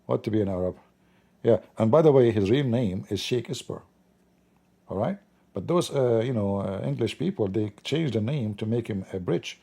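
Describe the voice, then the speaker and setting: Gravelly sarcastic man streaming commentary. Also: mid-range voice, animated, normal speed, dark tone. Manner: sarcastic, mock-outraged joking. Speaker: live stream host. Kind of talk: joking live news commentary.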